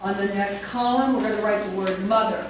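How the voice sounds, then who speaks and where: A woman leading a phonics workshop for teachers, slowly dictating words and sounding each one out. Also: mid-range voice, fairly even intonation. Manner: slow, deliberate, sounds words out. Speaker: teacher trainer. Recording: echoey, distant, noisy room recording.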